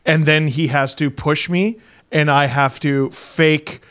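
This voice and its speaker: A man in his thirties hosting a podcast, chatting casually and acting out stories about his young son with loud bursts. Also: fairly high pitch, takes it slowly, clear, resonant tone. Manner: animated storytelling, acts out his son loudly. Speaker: podcast host. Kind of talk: casual chat.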